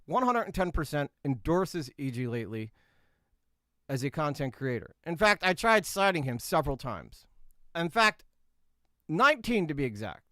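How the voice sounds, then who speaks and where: A man's voice: fairly high pitch, fairly bright tone, dry recording, studio quality. A man doing a comedic impression of a cocky, boastful male drama-news YouTuber who rambles and keeps asking "all right?".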